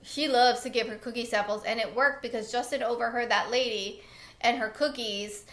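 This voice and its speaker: A young woman chatting excitedly about her favorite products, laughing often. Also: on the high side, normal speed. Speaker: lifestyle vlogger. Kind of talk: casual favorites chat. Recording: echoey room.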